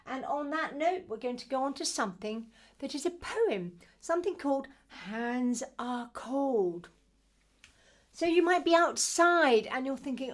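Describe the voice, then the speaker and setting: A middle-aged woman, an early years music teacher, demonstrating baby music activities in a gentle, playful, sing-song way. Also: fairly high pitch, expressive, normal speed.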